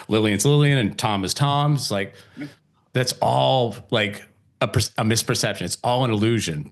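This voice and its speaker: A middle-aged man hosting a podcast, talking casually about meditation, laughing often and acting out what people say. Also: lowish voice. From Italian heritage. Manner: relaxed, laughs often, acts out quoted voices. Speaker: podcast host. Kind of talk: casual spiritual conversation.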